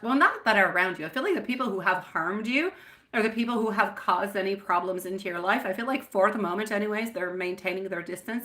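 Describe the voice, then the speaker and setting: A woman's voice: mid-range voice, fairly bright tone. A woman in her thirties giving a live-stream tarot reading, chatty and affectionate, calling viewers sweetie and my love.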